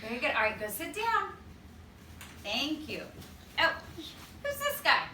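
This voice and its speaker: A woman teacher leading circle time for toddlers, talking slowly and encouragingly in a sing-song way. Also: high-pitched, huge pitch swings, bright, forceful tone, reverberant, distant mic, slight background noise. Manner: sing-song, slow and encouraging with small children. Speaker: preschool teacher.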